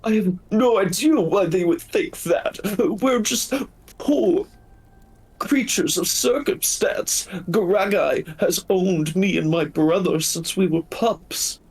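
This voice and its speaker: Man voicing a whiny, overly polite wolf in a tabletop game, high and breathy. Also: slow, darkish tone, heavily acted. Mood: pleading. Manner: whimpering, pleading, over-polite. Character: pitiful sly male winter wolf, limping, pleading.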